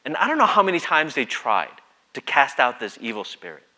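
A medium-pitched man speaks briskly as he preaches, his sermon loose and conversational. The pastor reads scripture and acts out each quote with lively voices.

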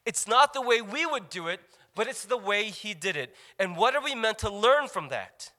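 A male preacher with a high, bright voice delivers a sermon. He is animated and breaks off for playful asides to the congregation. His tone has a forceful edge. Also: in a large hall.

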